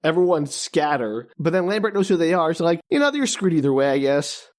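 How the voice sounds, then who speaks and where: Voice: mid-range voice, very animated, fairly quick, darkish tone. A podcast co-host making dry, sarcastic remarks about a film in a casual chat. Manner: wry, sarcastic commentary.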